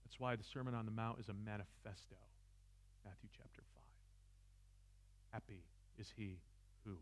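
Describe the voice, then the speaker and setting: At a church seminar room, a male philosophy teacher speaks at normal speed in a fairly low voice with fairly even intonation. He becomes impassioned, nearly shouting, and lightens things with self-deprecating jokes.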